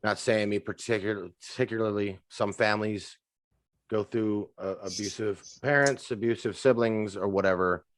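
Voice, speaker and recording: A man co-hosting a casual faith-themed chat, speaking calmly and reflectively. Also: fairly low pitch, moderate pace, no room sound. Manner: calm, reflective, short agreeing replies. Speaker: co-host.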